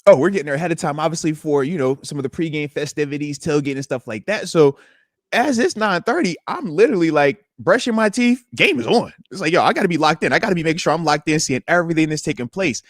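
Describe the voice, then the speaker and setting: A man, a former pro football player, co-hosting a casual sports podcast and telling animated stories. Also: on the high side, fast talker, no room sound, studio quality. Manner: animated storyteller, acts out voices.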